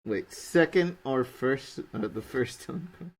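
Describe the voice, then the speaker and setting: A man's voice: mid-range voice, animated, takes it slowly, low-quality recording. Young man chatting casually on stream. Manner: teasing, joking. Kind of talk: casual chat while drawing on stream.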